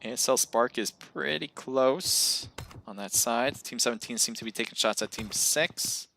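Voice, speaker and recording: A man's voice: medium pitch, unhurried, gravelly, pushed and bright, slight background noise. A man casting a live mobile battle royale match, casual and chatty, laughing and getting worked up at close calls. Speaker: esports caster. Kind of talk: live game commentary.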